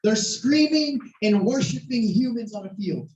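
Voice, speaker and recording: Animated preacher in an echoey hall. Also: medium pitch, measured pace, slight background noise. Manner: animated, builds to shouting. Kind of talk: storytelling sermon. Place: church hall. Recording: echoey, distant, muffled hall recording.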